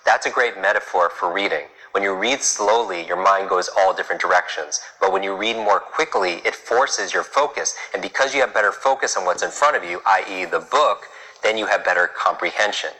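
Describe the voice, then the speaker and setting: A man speaks in a deep register with a sharp, strongly bright edge. He coaches a live crowd on reading in a brisk, punchy style. He keeps throwing rhetorical questions at them. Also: poor audio. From New York. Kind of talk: motivational talk to a live audience.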